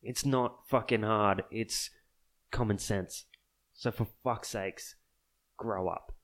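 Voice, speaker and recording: A man's voice: fairly low pitch, steady tone, slow pace, a bit bright. Exasperated swearing man ranting. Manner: exasperated, swears constantly, sarcastic. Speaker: podcast host. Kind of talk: profane solo rant.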